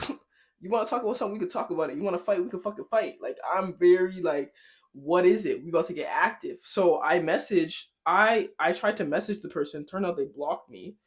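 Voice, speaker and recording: A young woman hosting a podcast tells a casual story a little fast, in a lively, animated way. She swears and laughs often, and her voice shoots up high whenever she's shocked.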